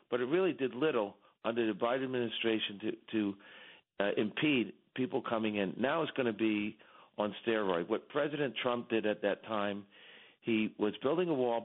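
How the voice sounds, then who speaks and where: A man calling in as a radio guest, talking emphatically and repeating himself as his voice climbs when he gets stirred. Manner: emphatic, repetitive, rising in pitch when stirred. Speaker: company executive, radio guest. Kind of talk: impassioned call-in commentary. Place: home in Texas. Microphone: phone. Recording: tinny phone line.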